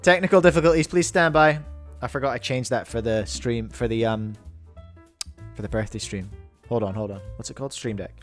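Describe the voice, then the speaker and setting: A man's voice: lowish voice, steady tone, brisk, faint music behind. A man with a New Zealand accent hosting a livestream, giving playful, rambling mock sports commentary and mocking himself. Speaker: host and commentator.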